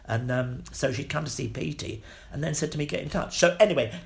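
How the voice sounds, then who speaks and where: Older guy, gravelly voice, spinning salty showbiz stories, does all the voices. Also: on the high side, a little fast. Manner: animated, salty, acts out quoted voices. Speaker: actor interviewee. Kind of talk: anecdotal storytelling.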